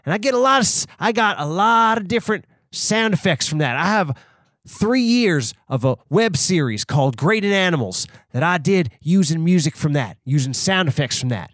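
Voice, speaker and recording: A man putting on a cowboy voice as a blustering defendant, with a slow folksy western drawl. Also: high-pitched, animated, fairly bright tone, no echo, studio quality, voice pushed up. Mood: indignant. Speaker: podcast co-host.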